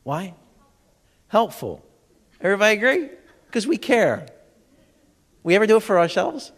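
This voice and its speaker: At a moderate pace and in a high, sing-song voice, a man fires jokey questions at his audience in a stand-up style health seminar. He's in a large expo hall, and the recording carries the venue's long reverb.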